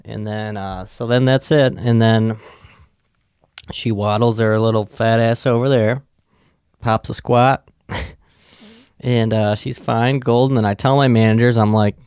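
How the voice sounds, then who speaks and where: A podcast host with a low, gravelly voice talks slowly through a profane, rambling story. His tone is casual and unhurried. The recording is close and dry, with no room sound. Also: fairly even intonation, darkish tone, no echo. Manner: profane, rambling anecdote teller.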